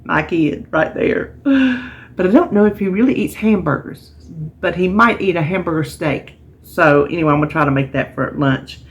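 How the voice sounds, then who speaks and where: A woman's voice: deep voice, moderate pace. A middle-aged woman, chatting casually and a bit tiredly to camera, rambling with restarts as she talks. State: tired, yawning. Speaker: vlogger sharing a weekly menu plan.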